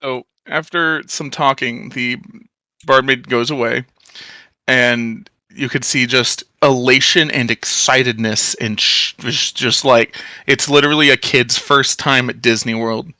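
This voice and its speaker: A man's voice: medium pitch, fairly even intonation, measured pace, sharp tone, no echo. A man running a tabletop game as game master, loose and profane, laughing often with his players.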